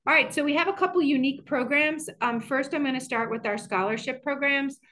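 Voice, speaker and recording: A woman's voice: high-pitched, brisk, pushed and bright. A woman who works as a college administrator, giving an online information session in a chatty way, full of fillers and restarts.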